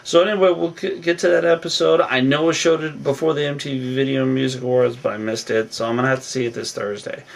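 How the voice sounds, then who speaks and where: Gravelly man rambling through a show recap. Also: medium pitch, fairly even intonation, quick pace, few pauses. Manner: rambling, restarts and fillers, acts out quotes. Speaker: vlogger recapping a reality show. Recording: voice a bit distant from the mic.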